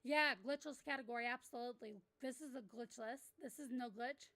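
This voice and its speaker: A woman streaming as a VTuber, chatting casually with her viewers, excitable and swearing freely with loud outbursts. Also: fairly high pitch, fairly quick. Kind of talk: casual live-stream chat.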